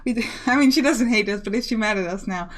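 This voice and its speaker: A woman's voice: a little high, fast talker. A woman hosting a let's play, reading the game text aloud and joking about her choices. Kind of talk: casual gameplay commentary.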